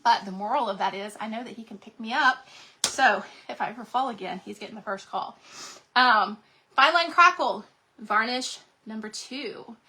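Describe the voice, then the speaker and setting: A woman's voice: on the high side, normal speed, sharp tone. A woman, chatting casually and folksily with her viewers while she crafts. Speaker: craft livestream host.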